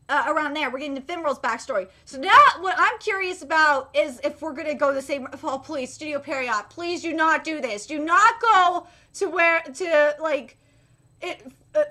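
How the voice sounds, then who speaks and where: A woman streaming a live anime reaction, excitable and swearing freely, moving between muttered comments and shrieking outbursts. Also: high voice.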